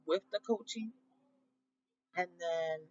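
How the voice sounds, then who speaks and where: A woman's voice: lowish voice, takes it slowly. A woman life coach in a casual vlog, talking bluntly and directly to her audience and swearing freely. The audio is slightly dull and lo-fi. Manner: blunt and chatty, swears freely, talks straight to viewers.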